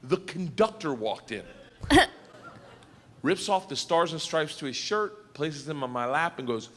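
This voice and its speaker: A middle-aged man telling a stand-up comedy story, animated and profane, shouting his punchlines. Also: on the high side, slow pace, a little hiss or hum. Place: live comedy stage. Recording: hall reverb with faint ambience.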